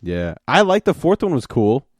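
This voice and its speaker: A man co-hosting a casual podcast, talking in a rambling way with lots of fillers and animated retellings. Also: medium pitch, normal speed. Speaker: podcast co-host. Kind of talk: casual chat.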